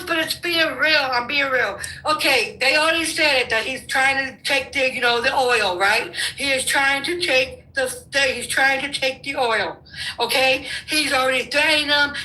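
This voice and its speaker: An older woman caller shouting a profane argument through bursts of laughter, high as she speaks. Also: normal speed, low-quality recording. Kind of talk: heated debate.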